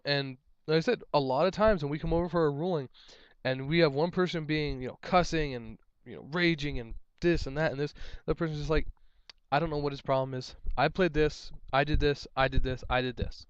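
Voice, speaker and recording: A man's voice: a little high, clean tone, dry recording. Rambling young man with a dull lo-fi sound. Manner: rambling, exasperated, repeats himself. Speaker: tournament judge. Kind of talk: casual advice vlog.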